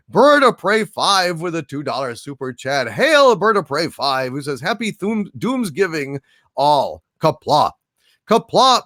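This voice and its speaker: Male stream host, lively swooping pitch, dry close mic, mock-regal hails, lots of uh and restarts. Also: no echo. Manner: grandiose mock-overlord greetings, halting with many fillers. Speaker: livestream host reading super chats. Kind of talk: casual livestream chat.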